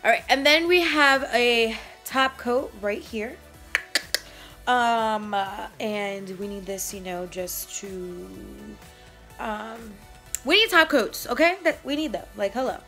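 Bright-voiced chatty young woman vlogger. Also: on the high side, slow, soft background music. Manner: chatty, slangy, playful, rambling. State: out of breath. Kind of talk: casual haul vlog.

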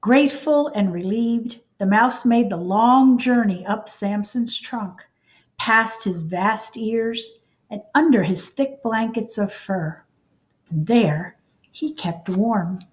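A woman reading a children's storybook aloud in an expressive, unhurried way. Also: mid-range voice. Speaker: storybook reader.

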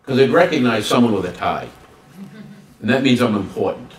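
A man presents a staff workshop with a lively, swooping voice and plenty of humor. He keeps acting out short exchanges. The sound is roomy and picked up from a distance. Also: mid-range voice, a little fast. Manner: animated, acts out dialogues with humor. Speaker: guest speaker on student service. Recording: roomy hall, distant mic.

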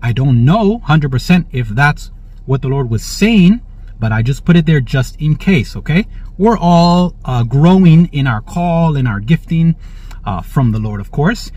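This man's voice sits on the high side, husky and a little mellow. He hosts prophetic religious commentary, reading news aloud with jubilant bursts of praise and frequent "all right?" check-ins. The recording is dull, dry, and lo-fi.

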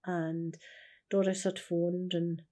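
A Scottish woman in her sixties speaks in an interview with a low, mellow voice. She tells her story earnestly and keeps slipping into "I says" as she recounts what was said. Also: little pitch movement, takes it slowly. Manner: earnest, repeats "I says", acts out remembered dialogue. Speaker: interviewee, carer's widow.

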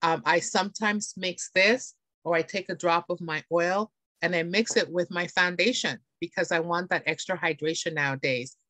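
A woman's voice: on the low side, moderate pace, pushed and bright, no room sound. A woman presenting beauty products in a chatty, enthusiastic way, often checking in with her audience. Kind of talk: live product demonstration. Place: home, on camera.

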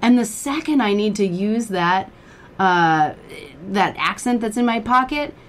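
A woman chatting as a podcast guest about improv, self-deprecating and quick to laugh at her own stories. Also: mid-range voice, expressive, slight background noise. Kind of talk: casual podcast chat.

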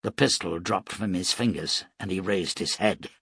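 A man reading an action novel aloud as an audiobook narrator, steady and dramatic. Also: low-pitched, moderate pace, slightly rough, no room sound, studio quality. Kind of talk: scripted narration.

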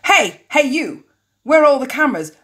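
A woman voicing a sassy young female fan who is hungry for fame, speaking in a put-on Southern US accent with loud, showy confidence. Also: medium pitch, lively intonation, fairly quick, close to an everyday voice. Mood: brash.

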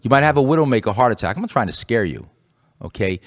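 An impassioned man preaching on a radio talk show, driving his points home by repeating key phrases. His voice sits in an ordinary middle pitch. He builds to a forceful pitch when he reaches his main point. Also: big pitch swings, fast. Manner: impassioned, rising to forceful emphasis.

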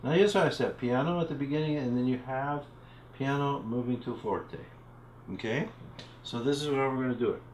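A man's voice: medium pitch, fairly quick, darkish tone, roomy sound, slight background noise, poor audio. A man teaching a recorded music literacy lesson from home, explaining symbols and chanting rhythm syllables as he counts. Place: home room.

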